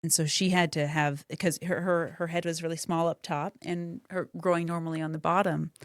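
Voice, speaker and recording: A woman with a fairly low voice hosts an interview podcast. She talks effusively and emotionally, often restarting her sentences. Her voice sounds dry and close to the mic. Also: little pitch movement, a little fast, no room sound. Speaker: podcast host. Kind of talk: casual interview chat.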